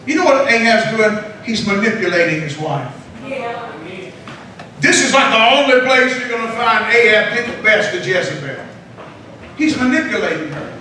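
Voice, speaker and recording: A man preaching a sermon as a pastor, emphatic and bursting into shouts, calling on the congregation to respond. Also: very high voice, big pitch swings, moderate pace, crowd noise. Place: church sanctuary. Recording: echoey hall, distant mic.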